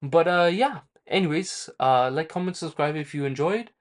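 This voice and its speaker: A man's voice: on the high side, normal speed. A man casually recapping a manga chapter for his review channel, rambling with many fillers and self-corrections.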